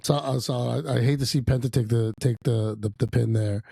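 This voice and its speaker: A young man co-hosting a podcast, recapping wrestling in casual chat, fast and animated, acting out wrestlers' lines. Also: mid-range voice, creaky, husky, no echo. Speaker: podcast co-host.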